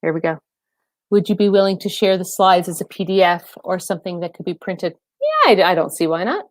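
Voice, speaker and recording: A woman's voice: lowish voice, big pitch swings, brisk, dry recording, studio quality. A woman fitness trainer hosting a casual live stream, chatting and laughing with viewers and calling them by name.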